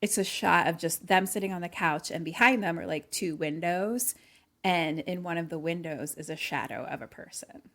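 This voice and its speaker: Woman, podcast co-host, slightly low pitch, casual movie recap, chatty, many fillers. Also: moderate pace, fairly bright tone. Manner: chatty, filler-heavy retelling with acted-out quotes.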